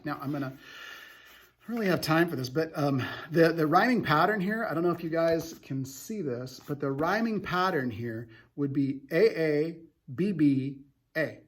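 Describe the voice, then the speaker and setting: A young adult male teacher reading a novel aloud to students, stopping for casual, halting explanations. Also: fairly high pitch, expressive, breathy edge.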